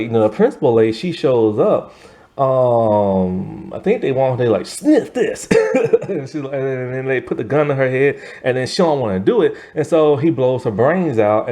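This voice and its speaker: A man's voice: mid-range voice, warm tone. A man casually recapping a movie plot, laughing as he acts out the characters' lines. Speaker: movie reviewer.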